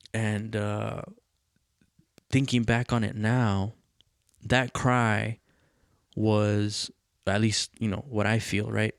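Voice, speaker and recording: A man's voice: fairly low pitch, clean tone, dry recording, clean studio sound. A man hosting a podcast, telling a personal story in a candid, rambling way, full of fillers and swearing. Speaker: podcast host.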